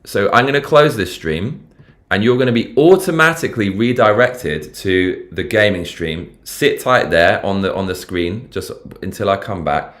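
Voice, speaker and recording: Man, London accent, deep voice, rambling and profane, livestream commentary. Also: lively intonation, normal speed, a bit bright. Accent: London English. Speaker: livestream host. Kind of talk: casual political commentary livestream.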